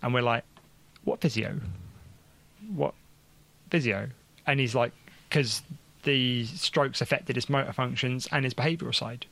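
A man's voice: medium pitch, fairly even intonation, normal speed, fairly bright tone. A man telling a casual, rambling story about his baby son, with many fillers and restarts. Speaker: father sharing a testimony. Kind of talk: casual conversational testimony.

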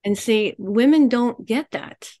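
A middle-aged woman life coach speaking as a guest, expressive and animated, often laughing and acting out quoted voices. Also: a little high, slow pace. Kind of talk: animated interview talk.

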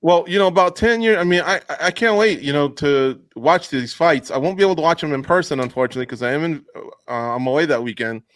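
A man's voice: fairly high pitch, fast, few pauses, fairly bright tone, dry recording. A man hosting a podcast, chatting in a friendly, easygoing way with a guest. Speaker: podcast host. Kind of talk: casual interview chat.

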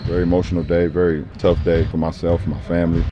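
A man putting on the voice of a male star athlete who repeats a flat, rehearsed line. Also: low-pitched, fast, highs cut off, background noise, pitched below the performer's own voice, natural voice. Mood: mock-somber. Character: somber male basketball star giving a canned line.

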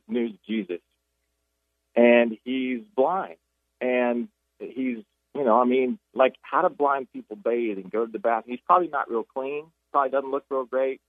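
A man speaks as a radio guest, retelling Bible stories with animated storytelling and frequent restarts. His voice comes over a tinny phone line that is dry and close. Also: mid-range voice, no echo. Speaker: author and guest. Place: Jacksonville.

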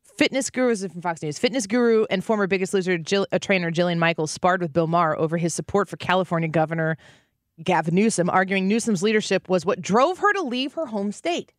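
A woman hosting a talk show, reading news stories aloud and giving animated, opinionated commentary. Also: lowish voice, fast talker, dry recording, studio quality. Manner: animated, reads news aloud and acts out quotes. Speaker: radio show host.

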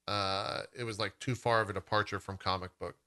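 A man's voice: fairly low pitch, fairly even intonation, a little fast, pushed and bright, clear, resonant tone. A man hosting a podcast in loose, casual chat, full of fillers. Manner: loose and chatty, many "like" fillers. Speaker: podcast host.

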